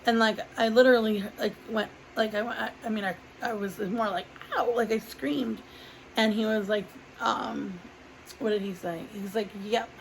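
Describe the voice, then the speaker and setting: A woman's voice: mid-range voice, fairly even intonation, normal speed, vocal fry, slight background noise, low-quality recording. Rambling woman telling a casual story. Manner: rambling, heavy use of "like", acts out quoted dialogue. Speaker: vlogger reviewing a product.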